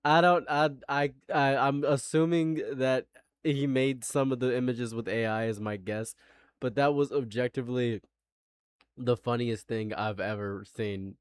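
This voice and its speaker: A man's voice: mid-range voice, fairly even intonation, unhurried, clear, resonant tone, no echo. A man streaming live commentary, stammering through restarts and building into exasperated rants.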